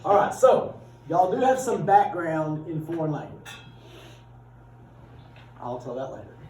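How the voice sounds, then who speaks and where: A middle-aged man with a drawl lectures a classroom in a folksy, joking manner. His voice sits a bit high but sounds mellow and dark. He is caught from across a roomy, echoing classroom. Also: very animated, unhurried, far from the mic. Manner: folksy, joking, chatty with students. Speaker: teacher. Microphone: far from the speaker.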